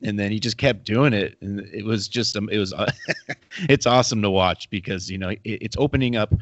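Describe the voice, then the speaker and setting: Low-voiced rambling man, casual chat. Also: normal speed, no echo. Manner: rambling, many fillers and restarts. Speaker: fly fishing podcast co-host.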